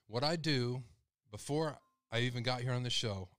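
A man hosts a live call-in stream with a middle-pitched voice. He talks with open emotion and gets louder and sharper when he is upset. The sound is dry and close. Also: normal speed, dry recording. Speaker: host of a live call-in show.

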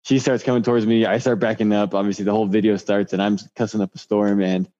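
A man's voice: on the low side, little pitch movement, fast talker, mellow. A man telling his story as a guest in a casual interview, laid-back and rambling. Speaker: guest recounting a cougar encounter. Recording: dull lo-fi sound.

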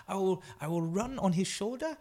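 A man impersonating a famous runner as playful and childlike, speaking halting broken English. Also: animated. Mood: playful cocky. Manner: halting broken English, higher and louder than his own voice. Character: playful, cheeky male distance-runner legend, cheerful and childlike.

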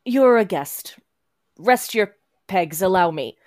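A woman's voice: medium pitch, lively intonation, takes it slowly, dry recording, studio quality. A woman voicing a cool, imperious vampire lady in a tabletop game, with haughty, clipped commands. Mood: gracious. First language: not English. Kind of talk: tabletop role-play voicing.

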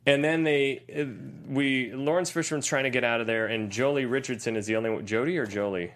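A man's voice: mid-range voice, brisk. Joking man in casual movie chat. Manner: joking, animated, does silly voices. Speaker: podcast co-host.

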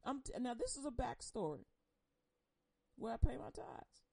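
A woman giving an impassioned personal testimony on air. She speaks emotionally and bluntly, swinging between loud outbursts and hushed confession. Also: on the high side, sing-song, moderate pace, vocal fry, breathy edge, no room sound, rough recording. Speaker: churchgoer sharing a personal testimony.

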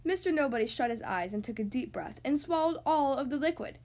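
A woman hosting a podcast who reads picture books aloud to young children, with gentle, expressive storytelling. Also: high-pitched, brisk. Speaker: podcast host reading to kids.

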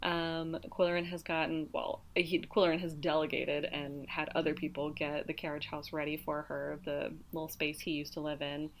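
A woman with a low-pitched voice talks through a book's plot in casual podcast chat. She is a little hoarse, and she rambles with plenty of "like" and "um" as she goes. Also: flat delivery, normal speed, few pauses, slight background noise. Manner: chatty, summarizes plot with many fillers. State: slightly hoarse. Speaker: podcast co-host. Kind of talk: casual book discussion.

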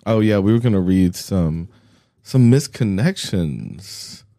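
Young male co-host, bouncy pitch, quick jokes, laughs a lot. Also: animated, warm tone. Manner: jokey, laughs often, wisecracking. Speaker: podcast co-host. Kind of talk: casual chat.

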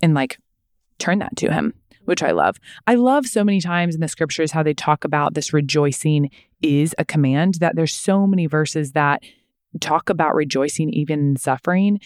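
A woman's voice: low-pitched, animated, moderate pace, clear, resonant tone, dry recording, clean studio sound. A woman co-hosting a faith podcast, talking in an earnest, reflective way with many "like" fillers. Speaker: podcast co-host. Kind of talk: casual faith chat.

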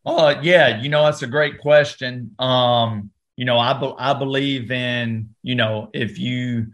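A man with a Southern American accent, an actor talking as a podcast guest, relaxed and loose, full of fillers and restarts. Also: mid-range voice, slow. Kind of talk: interview, casual talk.

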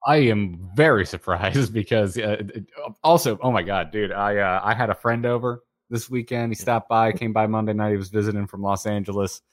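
A man's voice: on the low side, normal speed, hardly any pauses, dry recording, clean studio sound. A man in his thirties co-hosting a podcast, telling stories animatedly and laughing easily. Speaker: podcast co-host. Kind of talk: casual chat.

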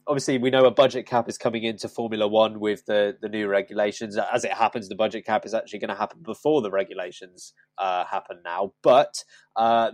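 A man's voice: on the low side, no echo. A man hosting a podcast, chatting casually, teasing the others and steering them to the next topic. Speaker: podcast host. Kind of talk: casual chat.

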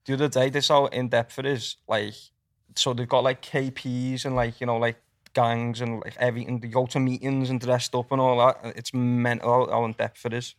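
Rambling Scouse podcast guest. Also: male voice, medium pitch, flat delivery, normal speed, dry recording, studio quality. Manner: rambling, lots of "like" and "um". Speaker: podcast guest, video creator. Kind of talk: casual chat.

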